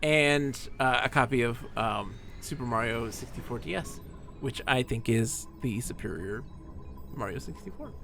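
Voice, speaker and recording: Streamer, male, gravelly mid-pitch voice, chatty and rambling, faint game music under. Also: moderate pace. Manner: chatty, rambling, animated asides. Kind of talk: casual storytelling while playing a game.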